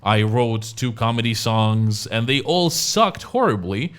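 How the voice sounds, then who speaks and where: A man's voice: medium pitch, a little slow, clear, resonant tone. A man, co-hosting a podcast in casual chat and acting out quoted voices as he tells stories. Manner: animated storytelling, acts out quoted voices. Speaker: podcast co-host.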